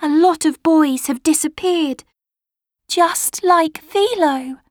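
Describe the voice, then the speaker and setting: A woman voicing a lively young girl, high and bright. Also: slow pace, no echo, studio quality. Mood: worried.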